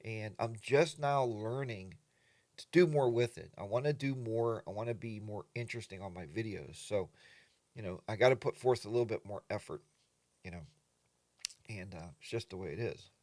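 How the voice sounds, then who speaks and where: A man's voice: on the low side, normal speed, a little mellow, no echo. A man hosting a casual morning livestream from his home studio, greeting viewers by name and rambling along with plenty of fillers. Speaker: livestream host.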